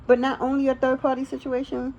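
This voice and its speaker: A woman's voice: high-pitched, completely flat delivery, fast talker, a little mellow, muffled recording. A young woman giving a casual tarot reading, blunt and slangy, talking straight to the viewer. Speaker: tarot reader.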